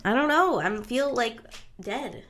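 A woman's voice: a little high, animated, unhurried, a crowd in the background. A woman co-hosting a podcast in casual chat, tipsy and congested, teasing and drowsy. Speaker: podcast co-host.

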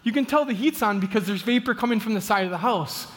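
A man preaches a sermon through a story. His voice sits unusually high, and he talks in a loose, conversational, animated way, full of casual fillers. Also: quick pace, big-room sound. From Midwest US.

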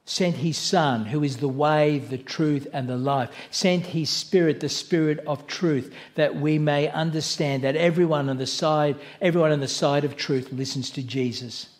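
Man, pastor, higher voice, earnest conversational sermon, church. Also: moderate pace, hardly any pauses. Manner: earnest, conversational preaching with asides and self-corrections.

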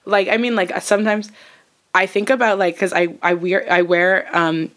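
A woman's voice: mid-range voice, little pitch movement, moderate pace, fairly bright tone. A young woman co-hosting a podcast, rambling effusively with lots of fillers in casual chat. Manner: rambling, heavy use of "like", effusive. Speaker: podcast co-host.

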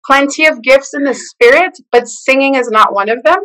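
A woman telling her personal faith testimony in an animated way, acting out the voices of the people in her story. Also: sits high, moderate pace, rough recording. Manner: expressive storyteller who acts out the quoted lines. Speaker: guest sharing her testimony.

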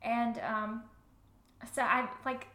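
An enthusiastic woman gushing about a novel with a bright, forward voice that sits a little high. She giggles and trips over her restarts, and the room echoes around her. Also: level tone, slow pace. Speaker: book podcast co-host. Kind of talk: casual chat.

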